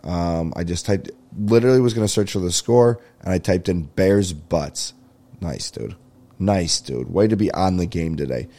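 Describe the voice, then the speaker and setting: Speaking at normal speed with few pauses, a male podcast host has a low-pitched, dark voice that sounds congested and nasal. His casual comedy monologue drifts from joke to joke, thick with swearing.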